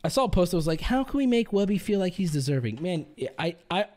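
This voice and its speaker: A young man talking to his stream in a casual, rambling way. When riled he rants and swears, his pitch swinging widely. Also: sing-song, quick pace, darkish tone. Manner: heated ranting with swearing. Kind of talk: casual livestream chat.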